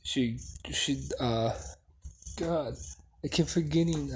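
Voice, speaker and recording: A man improvising and narrating a fan story, halting often with fillers and laughing at his own slips. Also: mid-range voice, a little mellow, a little hiss or hum, rough recording. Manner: halting, full of fillers, self-deprecating.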